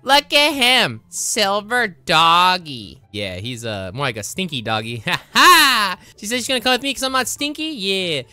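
A man's voice: sits high, lively intonation, unhurried, bright, forceful tone, smooth, dry recording. A man doing brash, teasing commentary while role-playing as a rich character in a game. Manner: brash, joking, teasing, often laughing. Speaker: gaming YouTuber.

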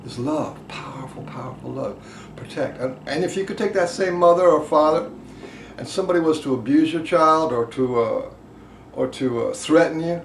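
A man teaching a group about emotional release, impassioned, swinging between loud emphasis and quiet asides. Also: on the high side, moderate pace. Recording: echoey room with faint background noise.

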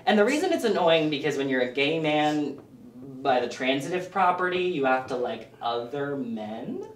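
A man performing a self-deprecating stand-up set with deadpan asides for a small audience in a living room. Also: fairly high pitch, moderate pace, roomy sound, far from the mic. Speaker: stand-up comic.

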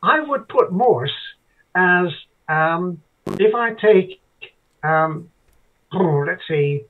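An older Irish man, a guest interviewee, tells rambling stories in casual chat, speaking extremely slowly in a high voice with lively intonation. He often stops and restarts hesitantly, and the line sounds tinny, like a phone.

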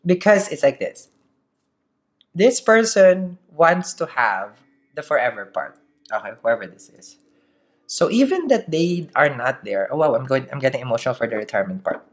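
Tarot reader, solo to camera. Chatty, laughs a lot, slight accent, mid-pitched voice. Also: very animated, moderate pace. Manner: chatty, laughs often, keeps asking "okay?". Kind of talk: casual daily tarot reading to camera.

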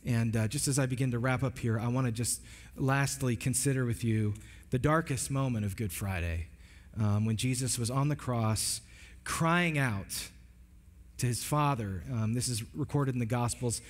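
A pastor delivers a sermon in a church sanctuary, his medium-pitched voice moving at a moderate pace. He is earnest and emphatic, frequently restarting his phrases. The recording carries a long hall reverb.

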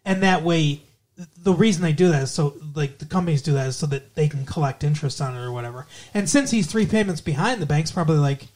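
A man's voice: fairly high pitch, animated, fast, darkish tone. A man co-hosting a podcast, casually recapping a TV episode and explaining things at length with many restarts. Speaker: podcast co-host.

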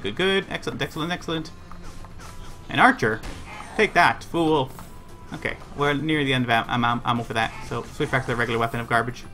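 Guy streaming a shooter, bright bouncy voice, chatty play by play with faint music under it. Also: on the high side. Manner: animated, rambling play-by-play talking to himself and chat. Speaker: livestreamer. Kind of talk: live gameplay commentary.

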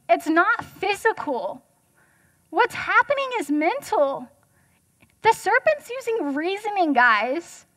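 A woman's voice: high-pitched, fairly bright tone. A young woman giving a casual, chatty sermon as guest speaker, joking and asking the audience questions.

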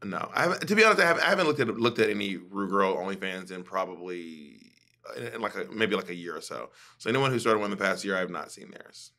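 A man's voice: low-pitched, lively intonation, fast talker, pushed and bright. A man hosting a podcast in casual chat, gossiping animatedly and swearing freely. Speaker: podcast host.

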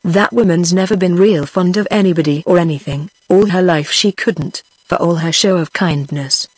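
A synthetic woman's voice reading the lines of a bitter, angry middle-aged working man in an audiobook, in a flat machine delivery. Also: lowish voice, normal speed, breathy edge, no echo.

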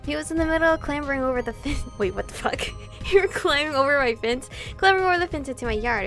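High-voiced woman reading a visual novel. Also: fairly bright tone. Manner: dramatic, swears and laughs between lines. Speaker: let's play host.

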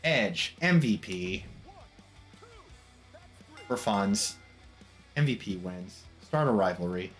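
A man's voice: lowish voice, expressive, slow pace, pauses often. A man giving casual, wry game commentary as he recaps wrestling matches, dropping mock quotes. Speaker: gameplay commentator. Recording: background music under voice. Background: background music.

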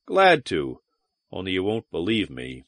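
A man reads out a sardonic, haunted spacer who mocks and broods. His pitch moves widely as he talks. The recording is dry and close. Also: huge pitch swings, measured pace, fairly bright tone, no room sound, full character voice. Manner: mocking, sullen, then brooding and dramatic. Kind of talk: audiobook character reading.

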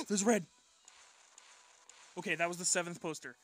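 Man muttering as he pulls characters in a mobile game, slow delivery, swearing, faint music underneath. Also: sits high, sing-song. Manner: quiet muttered reactions, swearing, pleading. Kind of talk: gacha pull reaction commentary.

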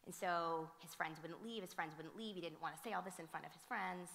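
Female panelist, bright tense voice, animated storyteller, long reverb from the museum auditorium. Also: lowish voice, brisk, vocal fry. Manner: animated, frequent fillers and restarts. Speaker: teacher and theater director speaking on a panel. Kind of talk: conversational storytelling at a conference. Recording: reverberant hall sound.

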